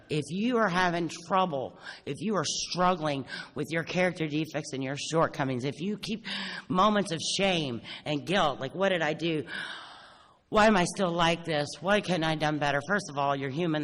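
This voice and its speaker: A woman's voice: low voice, a bit bright. A woman giving a blunt, sarcastic, self-mocking recovery talk at a convention, swearing freely. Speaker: AA speaker. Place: large convention hall. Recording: echoey hall with faint noise.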